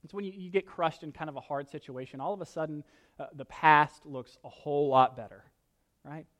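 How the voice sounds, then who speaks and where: Man, pastor, sermon, high-pitched, animated, loud scripture readings, joking asides. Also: a little fast.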